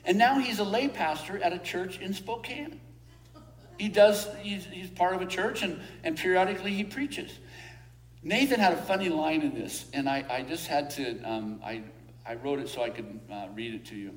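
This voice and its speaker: Speaking in a high-pitched voice, a pastor gives a sermon in a church hall. He chuckles repeatedly through a story and later turns to a slow, heartfelt prayer.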